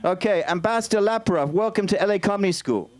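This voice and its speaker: A man with an English accent doing stand-up at an open mic, chatty and halting as he tries out new lines. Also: high-pitched. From Britain. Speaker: stand-up comic. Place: small comedy club stage.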